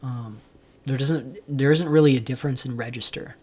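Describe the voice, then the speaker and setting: A man's voice: mid-range voice, normal speed, darkish tone, husky. A man from Canada hosting a livestream, rambling with lots of ums as he reads viewer chat aloud and answers it. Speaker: livestream host. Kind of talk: casual livestream commentary.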